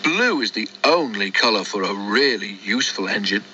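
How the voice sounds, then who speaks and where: A man's voice: animated, moderate pace, bright, forceful tone, a little hiss or hum. A man doing Thomas, a boastful little tank engine. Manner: high, cross, shrill when upset. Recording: dull lo-fi recording.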